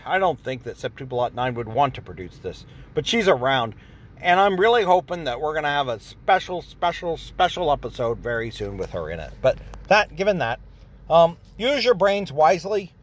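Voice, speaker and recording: A man's voice: a little high, sing-song, moderate pace. A man hosting a podcast, rambling sarcastically and acting out imagined exchanges in a casual monologue. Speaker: podcast host.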